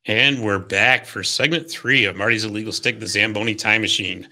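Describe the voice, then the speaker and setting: A man's voice: on the low side, normal speed, bright, forceful tone. A man hosting a hockey podcast, reading a scripted history segment in an upbeat, jokey storytelling way. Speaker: podcast host.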